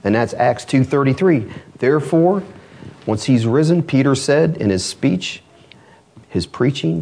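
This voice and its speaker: A man's voice: mid-range voice, lively intonation, a little slow, gravelly, darkish tone, breathy edge. A man preaching a sermon as pastor, earnest, asking rhetorical questions and reading scripture aloud. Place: church.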